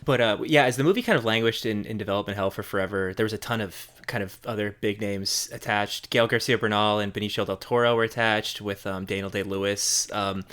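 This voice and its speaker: A man co-hosting a film podcast, discussing movies in a casual, halting way with many fillers and repeated words. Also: fairly low pitch, a bit bright, smooth. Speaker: podcast co-host.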